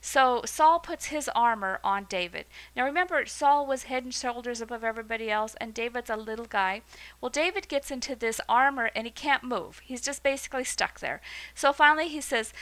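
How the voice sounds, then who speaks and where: A woman teaching a Bible lesson, retelling the story in a lively, conversational way with asides. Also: on the high side, a little fast, poor audio.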